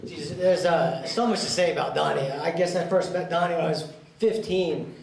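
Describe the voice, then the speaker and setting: A man sharing memories of a friend at a memorial, his voice gravelly. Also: a little high, fairly even intonation, normal speed, reverberant, crowd noise, poor audio. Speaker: eulogy speaker.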